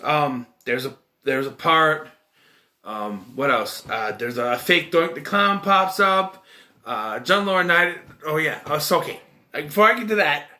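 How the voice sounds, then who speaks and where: Chatty man with a bright, forceful voice. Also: a little high. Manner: rambling, chuckling, loose slangy storytelling. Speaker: wrestling vlogger. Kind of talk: casual recap of a wrestling event.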